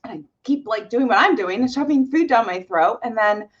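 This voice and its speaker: A woman's voice: fairly high pitch, animated, fairly quick, muffled recording. A young woman co-host telling a dramatic story in casual chat, with gasps and laughs.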